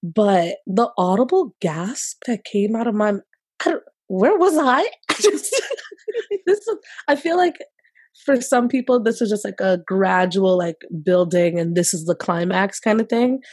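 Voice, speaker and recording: A woman co-hosting a casual gossip podcast, talking in an animated, excitable way. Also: mid-range voice, unhurried, husky, no room sound, studio quality. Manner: animated, gasping and laughing while reading messages aloud. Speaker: podcast co-host.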